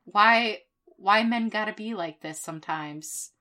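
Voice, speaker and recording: Bright-voiced young woman ranting casually. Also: medium pitch, unhurried. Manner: heated, profane storytelling with frequent fillers. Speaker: podcast co-host. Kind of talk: casual chat.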